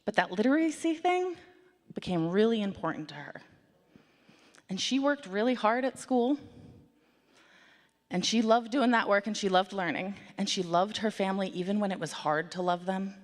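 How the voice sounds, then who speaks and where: A woman telling a story to children and the congregation at a worship service, in an animated, conversational way with playful asides. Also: mid-range voice, normal speed, long pauses. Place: church sanctuary. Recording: long hall reverb.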